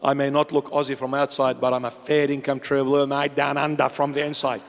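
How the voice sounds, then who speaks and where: A man's voice: medium pitch, monotone, brisk. A man preaching a sermon as a bishop, impassioned and pleading, with joking asides. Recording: long hall reverb with faint music.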